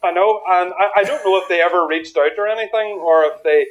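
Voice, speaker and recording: A man from Derry with a Derry accent, answering relaxed interview questions with self-deprecating humor over a remote call. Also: high-pitched, brisk. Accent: Derry, Northern Irish. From Derry, Northern Ireland. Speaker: guest, author and speaker. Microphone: remote video call. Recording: dull lo-fi call audio.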